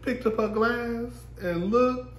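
A man's voice: very high voice, slow pace, reverberant. A man casually recapping a reality show, sassy and profane, laughing often and mimicking the cast. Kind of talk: casual chat.

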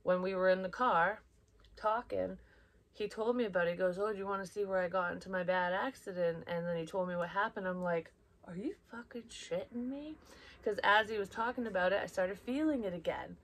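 A woman's voice: mid-range voice, fairly even intonation, a little fast, fairly bright tone. A young woman talking casually as a psychic reader, blunt and rambling, swearing often and sometimes dropping to a whisper. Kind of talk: casual personal chat.

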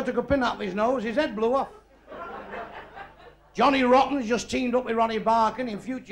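A man's voice: high voice, noisy background. A middle-aged man with a Manchester accent doing a crude, brash stand-up routine on a live stage. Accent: Northern English, Manchester. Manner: crude, brash joke-telling with quick asides. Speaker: stand-up comedian. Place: live club or theatre stage. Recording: roomy live venue with crowd. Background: audience laughter.

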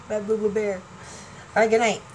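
A woman's voice: medium pitch, low-quality recording. Woman, 40s, vlogger; chatty and scattered, laughs a lot, faint noise behind. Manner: chatty, laughing, jumps between topics. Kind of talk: rambling casual chat to fans.

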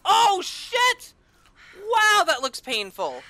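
Sharp, high-voiced woman, let's-play host, foul-mouthed and sarcastic, yelps at jump scares. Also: huge pitch swings, extremely slow. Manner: profane, sarcastic running commentary; loud startled outbursts and taunting. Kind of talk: casual gameplay commentary.

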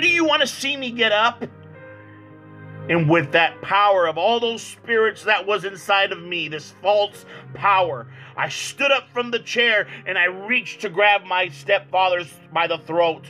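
A man evangelist giving a personal testimony, earnest and halting, often repeating words as he goes. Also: high voice, bright, forceful tone, faint music behind, poor audio. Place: church.

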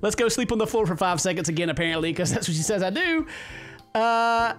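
Over soft background music, this gaming YouTuber talks briskly in a high-pitched, expressive, fairly bright voice. His let's-play commentary rambles, full of laughter and exaggerated mock-romantic lines aimed at a game character.

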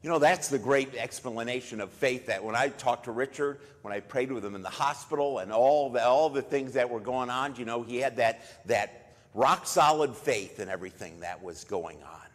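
A man preaching at a memorial service, retelling a story in a conversational way and jumping much louder for quoted lines. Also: mid-range voice, moderate pace. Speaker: pastor. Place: church. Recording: long church reverb.

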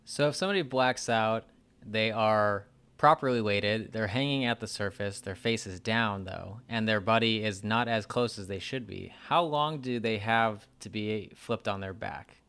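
A man's voice: on the low side, normal speed, a bit bright, smooth. A man hosting a podcast, asking his guest a curious follow-up question. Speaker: podcast host.

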